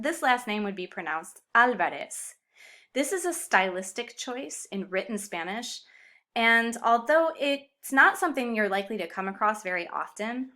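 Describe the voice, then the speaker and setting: A woman explaining grammar in a clear, upbeat video lesson with Spanish example words. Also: medium pitch, pushed and bright. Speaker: Spanish teacher.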